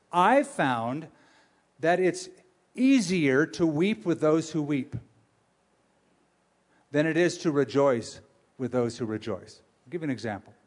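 Lively, joking preacher man. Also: a little high. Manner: animated, humorous storytelling with audience questions. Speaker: pastor. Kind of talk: sermon.

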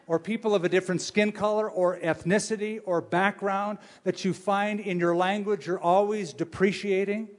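A male pastor preaching a sermon, with animated, humorous storytelling and questions for his audience. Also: sits high, moderate pace, few pauses.

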